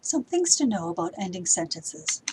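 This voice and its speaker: A woman's voice: fairly low pitch, sing-song, normal speed, darkish tone, a little hiss or hum, low-quality recording. A woman teaching writing to middle schoolers, explaining step by step while she edits. She sometimes reads the example sentences aloud with acted emotion. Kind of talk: recorded grammar lesson for middle schoolers.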